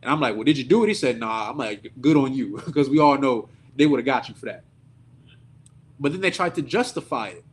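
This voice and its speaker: A man preaching at a service, telling a story in an animated, indignant, conversational way. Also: mid-range voice, fairly quick, slight background noise. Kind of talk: sermon storytelling.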